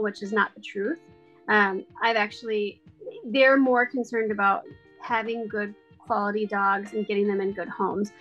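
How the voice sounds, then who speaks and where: A woman talking in a casual chat, chatty and animated with lots of fillers. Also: medium pitch, muffled recording.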